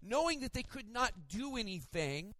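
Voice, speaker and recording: A male pastor preaches with a high, very lively voice that leaps up and drops low. He tells stories with playful mimicry. The sound is close and dry. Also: normal speed, no room sound. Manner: animated storytelling with playful mimicry. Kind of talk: sermon.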